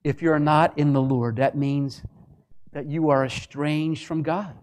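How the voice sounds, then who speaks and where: A man preaching a sermon as pastor, impassioned and building to fervent passages, with quick asides mimicking others. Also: a little high, steady tone, darkish tone. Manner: impassioned, rising to a fervent climax.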